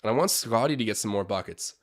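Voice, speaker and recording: A man's voice: fairly low pitch, expressive, quick pace. A young man hosting a live-stream watch-along, chatting opinions, calling plays and reading out viewer comments.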